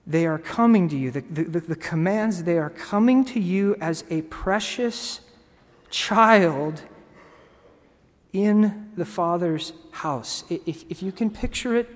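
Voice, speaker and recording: A man preaching a sermon to his congregation, earnest and halting, with pauses and restarts. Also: high voice. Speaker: pastor. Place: church sanctuary. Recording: long reverb of a hall.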